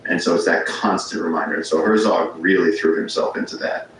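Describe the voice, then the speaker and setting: A man's voice: sits low, a little fast, a bit bright. A man, a podcast guest, telling rambling stories in casual conversation, often restarting his sentences. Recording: very echoey room with faint ambience noise.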